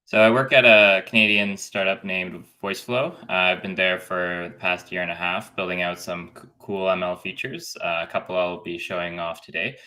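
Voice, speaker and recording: A man on a live tech show as a guest, friendly and relaxed as he explains his work. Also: sits low, moderate pace, hardly any pauses. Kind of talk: casual interview.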